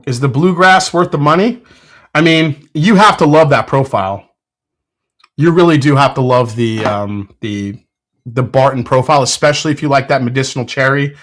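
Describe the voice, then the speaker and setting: Male host, casual tasting talk, gets fired up, mid-pitched, lots of ums. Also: moderate pace. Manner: excitable, blurts sports trash talk; frequent fillers and self-corrections. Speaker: whiskey reviewer, show host.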